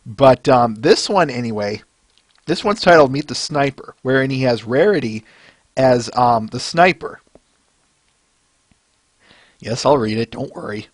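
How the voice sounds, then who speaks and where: A male podcast host talks in a loose, rambling way, full of "um"s and little chuckles. His pitch moves around in a lively, animated way. The sound is close and dry, with no room echo. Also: measured pace, long pauses. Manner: rambling, filler-heavy, chuckling. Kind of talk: casual podcast fan-art review.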